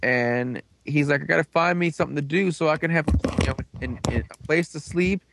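A young man hosting a casual chat, rambling through a recap with lots of fillers and quick put-on voices for the characters. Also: a little high, creaky, background noise. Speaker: podcast host recapping a show.

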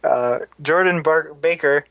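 A man co-hosting a podcast, reading listener comments with quick, exasperated jokes. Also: on the high side, a bit bright, no room sound. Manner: joking, exasperated, quick asides. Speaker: podcast co-host. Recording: dull lo-fi podcast audio.

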